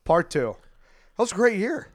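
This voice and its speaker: A man's voice: high-pitched, very animated, moderate pace, over a noisy crowd. A man hosting a podcast among friends, joking, laughing and announcing game segments in a playful, announcer-like way. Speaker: podcast host. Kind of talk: casual chat.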